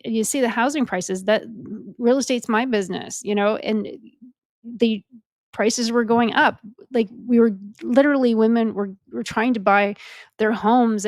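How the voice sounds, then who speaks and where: Woman, 40s, from Canada, mid-pitched voice, blunt and fed-up, lots of "like" and "you know", dry close recording. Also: gravelly, no echo. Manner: frank and exasperated, swears freely, heavy on "like" and "you know". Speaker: real estate agent. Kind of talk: casual political commentary.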